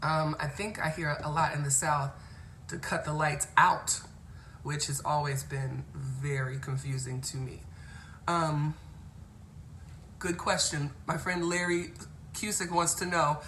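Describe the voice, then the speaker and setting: A woman from Cincinnati hosting a chatty live stream, playful and quick to laugh as she greets viewers by name. Her voice sits on the low side. Faint noise hums behind her. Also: steady tone, a bit bright. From Cincinnati, Ohio. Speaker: host. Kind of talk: casual live-stream chat reading viewer comments.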